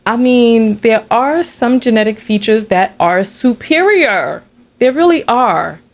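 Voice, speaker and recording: A woman hosting a casual livestream, telling a story in an animated, chatty way and laughing between remarks. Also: on the high side, slow. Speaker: livestream host.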